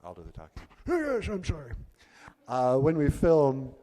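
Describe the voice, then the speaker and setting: A man's voice: fairly high pitch, wildly swooping pitch, a little slow, mellow, in a large hall. Chatty male puppeteer onstage. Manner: chatty, rambling. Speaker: puppeteer and comedian. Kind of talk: stage comedy with puppets. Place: on stage in an arts venue.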